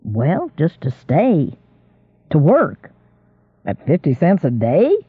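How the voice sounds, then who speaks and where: A man's voice: on the high side, huge pitch swings, slow pace, husky, no room sound, phone-quality sound, exaggerated voice. A man reading an audiobook and voicing a meek, weary young drifter.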